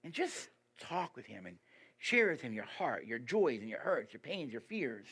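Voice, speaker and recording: A man giving a sermon as a guest preacher, lively and emphatic, putting rhetorical questions to the congregation. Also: normal speed, creaky, slightly rough. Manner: lively and emphatic, pitch rising on key points.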